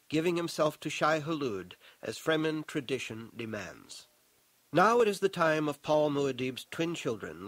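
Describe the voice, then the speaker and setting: A man narrating his own novel in a measured, dramatic audiobook reading. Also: medium pitch, no echo, poor audio.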